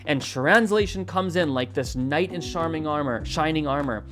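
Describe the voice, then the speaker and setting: A language-learning video host explaining a study method in a casual, animated way, often acting out little learner dialogues and repeating words while thinking. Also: mid-range voice, normal speed.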